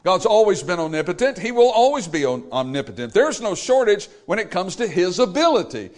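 Male pastor, emphatic sermon delivery, voice pitched high and bright. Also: big pitch swings, fairly quick. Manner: emphatic, repetitive preaching cadence.

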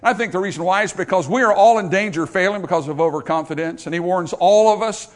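A man preaching a sermon to a congregation, dropping to a hush for scripture and rising to loud emphasis. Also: sits high. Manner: swings from hushed, drawn-out scripture quotes to loud, emphatic preaching. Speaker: pastor. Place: church in front of a congregation.

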